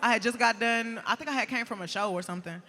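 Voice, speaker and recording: A woman guest telling animated, profane stories in a casual interview, laughing often. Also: on the high side, quick pace, big-room sound. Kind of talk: casual storytelling.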